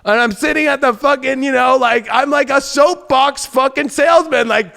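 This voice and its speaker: A man hosting a tarot reading in a casual, excitable and profane way. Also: very high-pitched, normal speed, gravelly, hardly any pauses. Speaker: tarot reader host.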